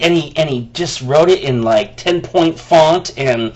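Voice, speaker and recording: A man's voice: fairly high pitch, very animated, takes it slowly, hardly any pauses. Man, vlogger, angry profane rant, stumbling restarts, talking to himself. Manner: heated, profane ranting with frequent restarts. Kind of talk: venting monologue to camera.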